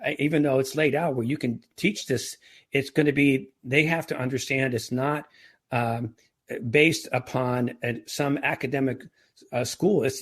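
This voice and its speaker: A man's voice: medium pitch, slightly rough. A man as a podcast guest, talking earnestly and telling anecdotes in a conversational interview. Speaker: podcast guest, entrepreneur and author.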